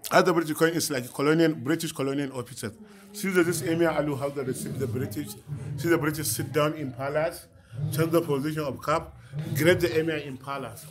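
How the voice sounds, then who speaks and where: A man's voice: a little high, a little fast, a crowd in the background. A man leading a guided museum tour in broken English, often checking whether his listener understands. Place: indoor museum galleries.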